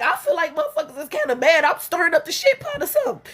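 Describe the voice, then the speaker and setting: A young adult woman speaks in a high register, delivering a raw, emotional venting monologue. She is blunt and profane and circles back to repeat her points. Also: big pitch swings, fast, few pauses. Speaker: vlogger.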